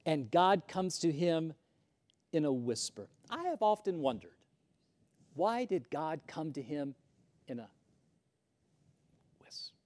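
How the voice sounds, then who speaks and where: A man preaching a sermon, moving from loud emphasis to hushed whispers and often repeating words as he starts a sentence. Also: fairly high pitch, big pitch swings, slow, pauses often. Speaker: pastor.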